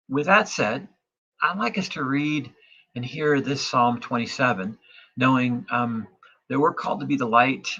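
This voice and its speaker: A man, a pastor, reading a psalm slowly and meditatively in an online sermon, pausing to invite listeners to breathe. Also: mid-range voice, vocal fry, pushed and bright, slightly rough, dull audio.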